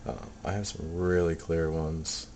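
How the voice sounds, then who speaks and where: A man casually talking through his recordings, soft-spoken and hesitant, full of ums and restarts. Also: low voice, little pitch movement, a little slow, a little hiss or hum. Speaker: paranormal hobbyist playing back recordings. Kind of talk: casual video commentary.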